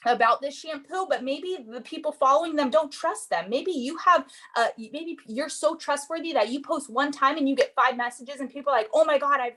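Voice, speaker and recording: A woman's voice: fairly high pitch, fairly bright tone. A young woman giving an earnest, rambling motivational talk on a group call, full of fillers. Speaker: network marketing seller.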